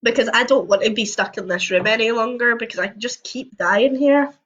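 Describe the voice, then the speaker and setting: Reading an interactive storybook on a livestream from home, this woman speaks a little fast in a fairly high, fairly bright voice. She drops in chatty jokes between passages, all captured in dull, lo-fi sound.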